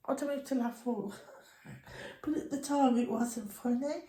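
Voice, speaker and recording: Middle-aged woman, chatty home vlogger, slow and meandering, echoey room. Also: fairly high pitch, warm tone. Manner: chatty, meandering, nostalgic storytelling. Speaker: crochet vlogger. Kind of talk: rambling reminiscing chat.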